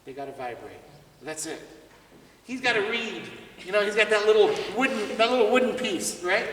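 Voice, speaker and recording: Heard from a distance in an echoey school hall or music room, with slight background noise, a man with a high, somewhat bright voice leads a jazz clinic at moderate pace. The visiting trumpet clinician uses lively intonation, chats, laughs a lot, and quizzes the students as he teaches.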